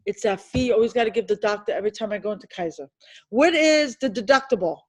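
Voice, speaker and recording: A woman teaching an insurance licensing class, quizzing students with rapid questions and emphatic reminders. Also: mid-range voice, rough recording. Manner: emphatic and animated. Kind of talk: classroom review lecture.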